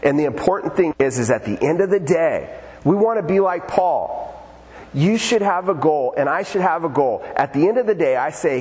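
A man's voice: on the high side, moderate pace. Man preaching in a reverberant church hall. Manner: conversational, animated preaching with acted quotes. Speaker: pastor. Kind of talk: sermon. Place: church sanctuary.

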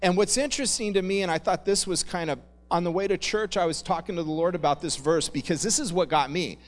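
A pastor giving a relaxed, conversational sermon, joking and calling his listeners "guys.". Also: high-pitched, fast. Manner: conversational, jokey, addresses the congregation as "guys". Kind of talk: casual sermon.

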